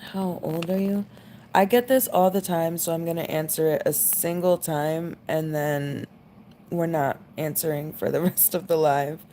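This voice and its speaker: A woman in her late twenties with a drawl talks to her live-stream viewers in a low, unhurried voice. She rambles casually, full of "like" fillers. A faint room hum sits underneath. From United States. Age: 20s. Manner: rambling, relaxed, lots of "like" fillers. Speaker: livestream host.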